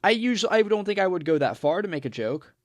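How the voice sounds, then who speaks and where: A man's voice: high-pitched, very animated, fast, no echo. Rambling young man, dry close sound. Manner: rambling, full of restarts, mimics others in quotes. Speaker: storyteller vlogger. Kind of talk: casual storytelling while gaming.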